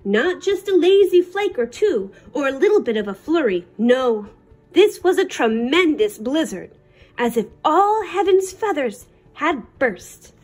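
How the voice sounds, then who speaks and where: A woman librarian reading a children's picture book aloud in an expressive, sing-song way. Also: high voice, measured pace, soft background music. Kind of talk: storybook read-aloud.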